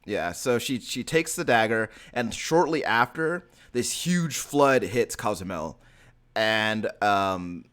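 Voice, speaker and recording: A man's voice: lowish voice, expressive, slow, fairly bright tone, clean tone. A man hosting a gaming podcast, chatting casually and rambling with many fillers and restarts. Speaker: podcast host. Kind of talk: casual chat.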